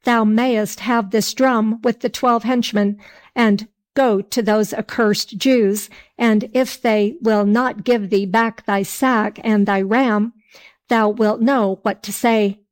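A stern old father wind from a fairy tale, scolding a foolish man, as a woman reads him aloud. The lines come slowly and deliberately, in a fairly high voice. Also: fairly even intonation. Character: gruff old male wind spirit, scolding.

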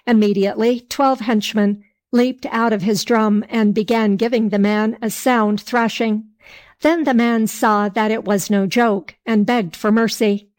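A woman narrating an old folk tale aloud in a calm storybook reading. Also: medium pitch, a little slow.

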